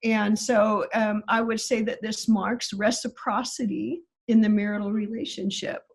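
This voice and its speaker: Husky-voiced woman breaking down greek grammar on a podcast, careful and emphatic. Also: medium pitch, level tone, unhurried, poor audio. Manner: precise, explanatory, emphatic on key words. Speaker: guest Greek scholar.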